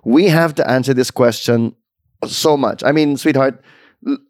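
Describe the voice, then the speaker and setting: A man's voice: mid-range voice, measured pace, a little mellow, no room sound. Chatty Filipino man in dry close sound. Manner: chatty, mixes English and Tagalog. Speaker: podcast co-host. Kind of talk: casual chat.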